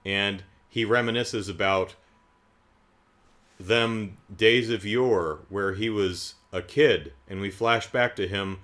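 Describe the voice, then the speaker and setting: Slow and on the low side, though fairly bright in tone, this movie reviewer gives a comedic, offhand recap of a film. He's sarcastic and disbelieving throughout, wandering into tangents as he goes.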